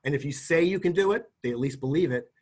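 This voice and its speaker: A middle-aged career services presenter talks quickly in a higher-than-average, slightly mellow voice with lively intonation. His instructional talk covers practical interview advice in a homey, chatty style, with sample lines acted out along the way.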